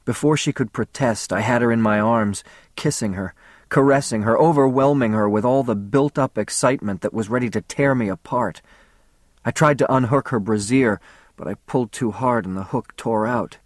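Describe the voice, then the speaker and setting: A man narrating a story in the first person, in a measured, intimate audiobook reading. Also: fairly low pitch, no room sound, studio quality.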